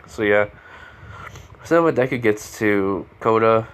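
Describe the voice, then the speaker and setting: A man's voice: lowish voice, slow pace, a bit bright, clean tone. A man casually improvising a fan story, rambling with lots of fillers and restarts.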